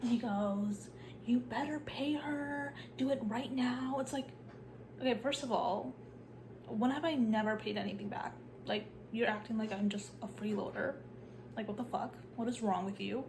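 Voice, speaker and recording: A sick young woman with a cough and sore throat chats in her vlog, her mid-range voice steady, moderately paced, and touched with vocal fry. She says "like" a lot and sometimes falls into a hushed whisper, with background noise present.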